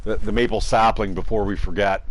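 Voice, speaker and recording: A man's voice: lowish voice, steady tone, brisk, rough recording. Chatty man narrating his gameplay. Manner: chatty, addresses viewers as guys, swears casually. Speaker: gamer. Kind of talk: casual gameplay commentary.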